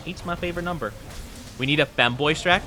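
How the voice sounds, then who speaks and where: His voice sits on the high side, bright and forceful, and he talks a little fast against a faint hiss or hum. The man is live-streaming a game and bantering playfully with his audience, often poking fun at himself.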